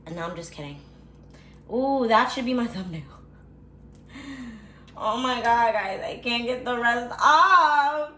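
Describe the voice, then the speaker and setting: A young woman's slightly high, bright voice carries a forceful tone and lively intonation, at a measured pace broken by long pauses. She's cooking at home for a casual vlog, talking to viewers, swearing and complaining dramatically. The recording has an echoey kitchen sound with faint background noise.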